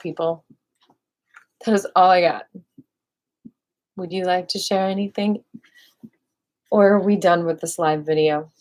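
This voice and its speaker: This woman's voice is mid-range. She's running a live video where she reads dictionary definitions aloud, musing playfully to her audience and occasionally whispering.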